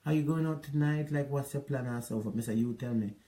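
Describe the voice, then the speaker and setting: A mellow mid-range voice moves along fairly quickly as a middle-aged Jamaican man airs his grievances about a past relationship. The monologue rambles, and patois colors his storytelling.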